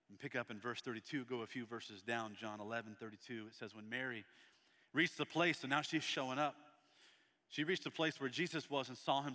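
Man, pastor preaching a sermon, bright forceful tone, long reverb, church. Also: a little high. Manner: reads scripture aloud and breaks off to speak to the congregation; swings between loud and soft delivery.

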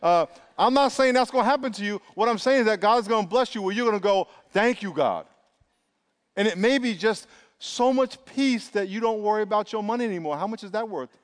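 A middle-aged man preaching a lively, emphatic sermon in a church, calling on the congregation to answer back. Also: high-pitched, fast. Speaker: pastor. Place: church sanctuary. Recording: long reverb of a large hall.

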